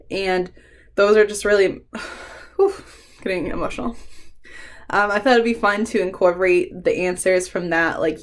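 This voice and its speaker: Chatty, emotional young woman vlogger. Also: medium pitch. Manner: chatty and emotional, laughs and swears often. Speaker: book vlogger. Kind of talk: casual vlog chat.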